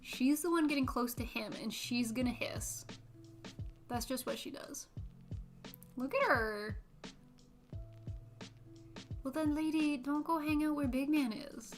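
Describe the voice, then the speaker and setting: A woman's voice: high-pitched, unhurried, pauses often, faint music behind. A woman around thirty chatting casually on a livestream while building model kits, cooing at her cats and often dropping into a whisper. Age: about 30.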